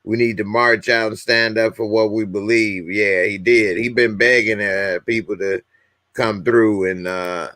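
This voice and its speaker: A man's voice: fairly low pitch, steady tone, a little slow, bright, forceful tone, no room sound, clean studio sound. A man hosting a casual livestream, bluntly commenting and reading viewers' comments aloud. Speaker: livestream host.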